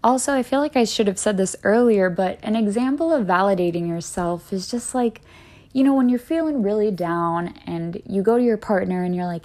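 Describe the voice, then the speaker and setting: A woman's voice: mid-range voice, brisk, darkish tone. A woman hosting a solo wellness podcast, talking in an earnest, encouraging way with lots of casual "like"s. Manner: earnest, encouraging, chatty with many "like"s. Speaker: podcast host.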